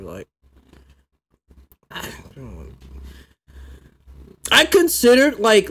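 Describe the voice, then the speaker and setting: Tired man telling a story casually. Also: high voice. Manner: tired, storytelling, swears a lot. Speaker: content creator. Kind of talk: casual chat.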